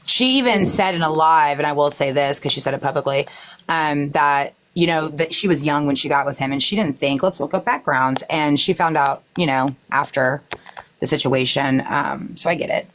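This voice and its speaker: A woman's voice: sits low, normal speed, a little hiss or hum, rough recording. A woman hosting a live stream, talking in an emphatic, opinionated way. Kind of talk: casual chat.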